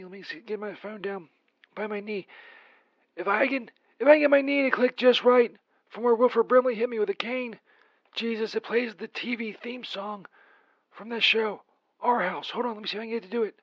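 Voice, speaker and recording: A man's voice: high-pitched, a little fast, no echo, highs cut off, voice pushed up. A man voicing a crude, rambling Saint Peter who leaves a profane, petty comic voicemail. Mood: rambling grudge.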